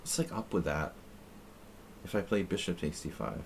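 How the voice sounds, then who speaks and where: A man's voice: deep voice, expressive, normal speed, vocal fry, slight background noise. A man streaming chess, chatting casually and reading his moves aloud as he thinks. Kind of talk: casual live-stream chat while playing.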